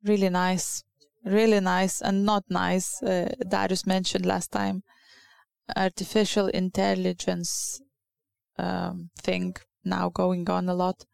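Female preacher, English. Unhurried delivery, some fry, earnest and halting sermon. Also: lowish voice, flat delivery, darkish tone, dry recording. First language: Lithuanian.

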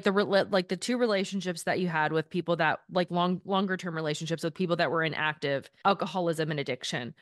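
A woman's voice: lowish voice, no room sound, clean studio sound. A woman hosting a podcast, asking long rambling questions full of fillers. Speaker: podcast host. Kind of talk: interviewing conversation.

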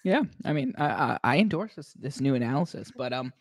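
Podcast co-host, man from Minnesota, teasing and jokey, lively delivery, dry close mic. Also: mid-range voice, brisk, dry recording. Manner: joking, teasing. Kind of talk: casual chat.

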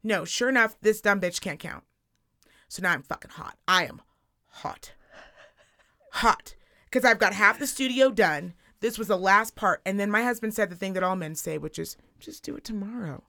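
A woman in her thirties co-hosting a casual podcast, telling a story in an animated, profane rant. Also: medium pitch, normal speed. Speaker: podcast co-host. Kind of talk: casual chat.

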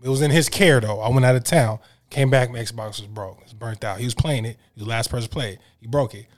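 A man telling a story at a laid-back, measured pace, speaking in casual slang among friends. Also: mid-range voice.

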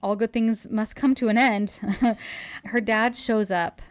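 A woman's voice: fairly high pitch, steady tone, smooth. Woman host gushing thru a book recap, chatty, laughs a lot. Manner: chatty and gushing, laughs often, retells scenes quickly. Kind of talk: casual chat.

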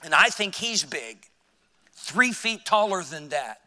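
High bright-voiced preacher in a reverberant church. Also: male voice, sing-song, slow pace. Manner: storytelling, acts out quoted voices, drops quiet for emphasis. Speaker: pastor. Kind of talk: sermon. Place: church sanctuary.

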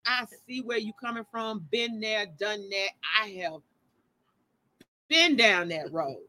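A woman hosts a casual podcast chat, her voice bright and forceful. She speaks candidly and with emphasis, and laughs easily. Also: mid-range voice, animated, slow. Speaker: podcast host.

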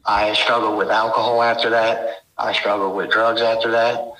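Intense, bright-voiced man in an echoey room. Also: fairly low pitch, little pitch movement, normal speed. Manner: rambling, intense, full of "you know". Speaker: guest recounting encounters. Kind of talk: emotional first-person storytelling.

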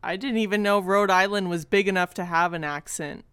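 A woman's voice: medium pitch, a little fast, fairly bright tone, clean tone. A woman from California in casual podcast chat, playful and laughing, with lots of "like" fillers.

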